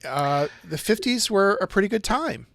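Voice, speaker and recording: A man with a fairly high voice co-hosts a casual podcast. He tells stories haltingly and often repeats words as he restarts. The sound is dry and close. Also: sing-song, gravelly, a bit bright, no echo. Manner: hesitant, many restarts, storytelling. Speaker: podcast co-host. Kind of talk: casual discussion.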